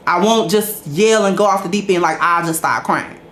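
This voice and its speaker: A woman's voice: on the low side, normal speed, a bit bright, roomy sound, slight background noise. Emphatic woman talking to her chat. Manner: conversational, emphatic, preachy when making points. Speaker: host. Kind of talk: casual storytelling talk to a live chat.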